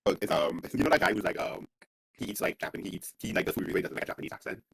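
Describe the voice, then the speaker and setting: A man joking in casual stream banter, incredulous and teasing. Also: racing.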